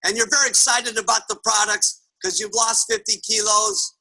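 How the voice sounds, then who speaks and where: A man's voice: high-pitched, moderate pace, vocal fry, sharp tone, slight background noise, rough recording. A man giving a motivational sales talk, telling emphatic stories and often checking in with his listeners. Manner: emphatic storytelling, keeps asking "okay?". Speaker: sales trainer.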